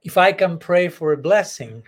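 Guy giving a spiritual talk, kinda high voice, earnest, stop-start, chuckles a lot. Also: lively intonation, breathy edge. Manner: earnest, halting, laughs often between thoughts. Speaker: spiritual teacher. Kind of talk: devotional discourse.

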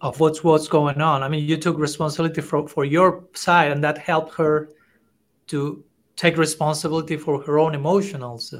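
A man's voice: a little high, level tone, moderate pace. A middle-aged man hosting a podcast interview who speaks thoughtfully and hesitantly, often repeating words. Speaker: podcast host, monk. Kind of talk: conversational interview.

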